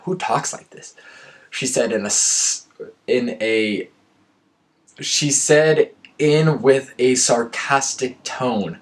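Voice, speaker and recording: A young man with an ordinary mid-range voice slowly reads one of his old stories aloud. He keeps pausing to mock his own writing with dry, sarcastic jokes.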